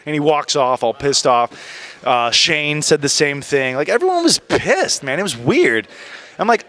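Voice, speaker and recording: Brief: male interview guest, high-ish bright voice, animated storyteller who mimics others. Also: moderate pace.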